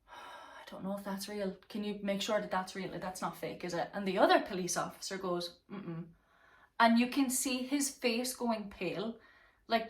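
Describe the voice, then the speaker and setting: A woman vlogger telling a true crime story in a casual, rambling way, swearing freely and leaning on fillers. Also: mid-range voice. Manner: rambling, profane, many fillers. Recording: roomy echo, mic at a distance.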